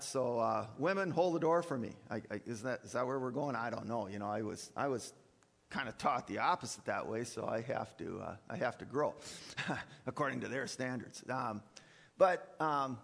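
A man preaching a sermon in a church, animated, often repeating words and slipping into sarcastic asides. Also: medium pitch, creaky, big-room sound. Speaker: preacher and college teacher.

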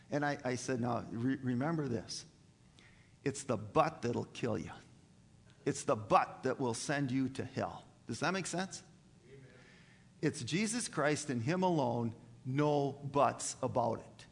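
A man preaching a sermon to his congregation, talking in a halting way with many fillers and restarts. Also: medium pitch, vocal fry, slightly rough, long reverb tail. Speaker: pastor. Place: church.

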